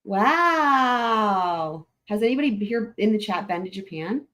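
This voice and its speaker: A woman's voice: medium pitch, expressive, slow pace, fairly bright tone. A woman hosting a casual livestream, chatting with her viewers in a rambling, laughing way, with a lilt. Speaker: livestream host.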